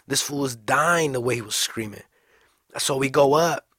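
Husky-voiced man telling a story. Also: mid-range voice, no echo, clean studio sound. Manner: slangy, profane, fast and animated. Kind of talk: casual storytelling.

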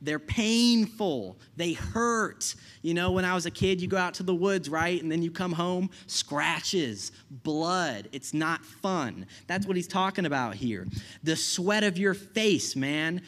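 Young male preacher, higher voice, chatty sermon delivery, keeps asking the room "right?". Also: lively intonation, takes it slowly, a bit bright. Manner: casual, conversational preaching with frequent "right?" and laughs.

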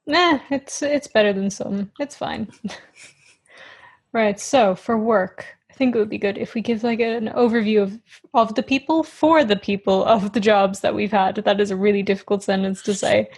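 A young woman in her twenties, co-hosting a podcast in relaxed, casual talk and laughing easily. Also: medium pitch, normal speed, breathy edge. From Ireland. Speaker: podcast co-host. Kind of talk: casual chat.

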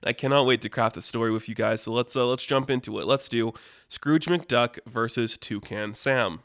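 A man telling an improvised story casually, rambling and animated with lots of fillers. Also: medium pitch, normal speed, dry recording. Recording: dry close mic.

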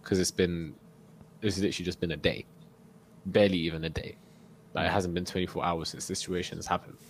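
Low-voiced young man telling a story. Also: fast talker, slight background noise. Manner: animated storyteller, acts out quotes, laughs often. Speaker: podcast co-host. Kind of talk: casual storytelling chat.

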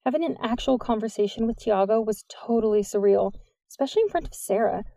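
Mellow-voiced woman narrating a novel. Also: on the high side, quick pace, gravelly, no echo. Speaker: audiobook narrator. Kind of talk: scripted narration.

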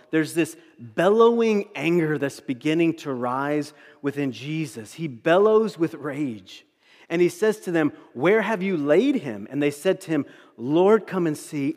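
A man preaching a sermon. He talks in an animated way, swinging between loud emphasis and hushed tones. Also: medium pitch, in a large hall. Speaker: pastor.

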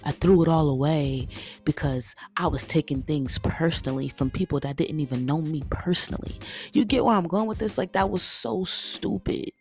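A young woman hosting her own podcast, telling a casual, animated story and talking straight to her listeners as guys and y'all. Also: low-pitched, normal speed. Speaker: podcast host.

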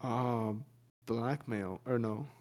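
With drawn-out words and a slightly mellow tone, this podcast co-host engages in crude, easygoing banter. Loose and joking, he often laughs and sometimes breaks into goofy high-pitched voices.

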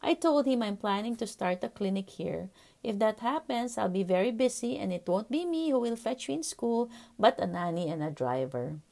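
A woman in her forties tells a personal story on her podcast, earnest and reflective, with an occasional soft "um". Her voice sits in a middle register and carries a noticeable gravelly fry. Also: medium pitch, moderate pace. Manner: earnest, reflective, steady telling with soft fillers. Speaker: podcast host, pediatrician.

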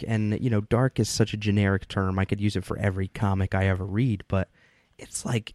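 A man's voice: fairly low pitch, darkish tone, dry recording. A man in casual podcast chat, reviewing a comic book in a rambling way, with many fillers and easy laughter. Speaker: podcast co-host.

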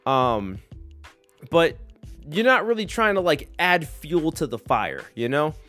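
A man around thirty hosting a solo podcast, rambling in a jokey, animated way. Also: fairly high pitch, takes it slowly, faint music behind. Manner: rambling, animated, jokey, slips into silly voices. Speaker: podcast host.

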